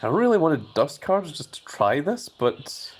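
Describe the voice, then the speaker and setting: A man's voice: fairly high pitch, sing-song, normal speed, a little hiss or hum. A man hosting a live stream, chatting casually and reading viewer messages aloud.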